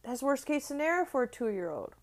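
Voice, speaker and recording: Earnest woman with a slightly high voice. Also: sing-song, fairly quick. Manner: earnest, repeats phrases for emphasis, asks "right?" often. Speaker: motivational speaker. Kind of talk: motivational talk.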